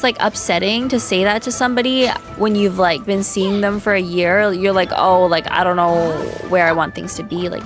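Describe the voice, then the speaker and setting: A young woman streamer telling a dating story in casual chat, gossipy and exasperated, peppered with "like". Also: medium pitch. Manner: chatty, gossipy, lots of "like", laughs and exasperated outbursts. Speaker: vtuber streamer.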